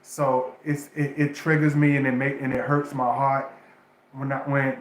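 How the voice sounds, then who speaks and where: A man's voice: mid-range voice, flat delivery, normal speed. A man livestreaming spiritual advice in a casual, emotional way, often restarting phrases and talking straight to his viewers. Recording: echoey room sound.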